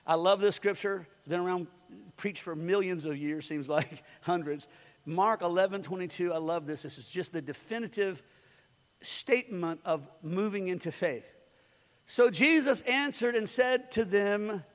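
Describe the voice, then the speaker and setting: A man delivers a lively sermon in a strikingly high voice. He swings from booming declarations to hushed asides and acts out the voices of the story. His words ring out with the long reverb of a large hall. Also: moderate pace. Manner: animated, swings loud and soft, acts out voices. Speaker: preacher.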